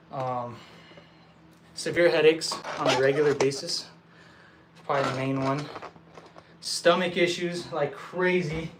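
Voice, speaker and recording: Brief: young vlogger from El Paso, winded, earnest, slightly high voice, mic set back in a roomy space. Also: male voice, background noise. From El Paso, Texas. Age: young adult. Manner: earnest, halting, with frequent restarts. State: short of breath. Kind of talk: casual talk to viewers. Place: indoor building site. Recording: echoey room, mic at a distance.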